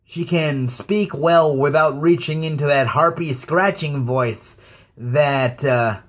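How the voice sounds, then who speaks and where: A man ranting casually to his viewers about wrestling, halting and stammering with many fillers. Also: a little high. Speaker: YouTube ranter. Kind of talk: casual rant to camera.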